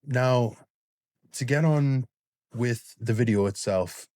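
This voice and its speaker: A British man hosting a reaction channel, speaking to camera in a gentle, sincere way with plenty of fillers and restarts. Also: mid-range voice, slow pace, no room sound. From Britain. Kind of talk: casual talk to camera.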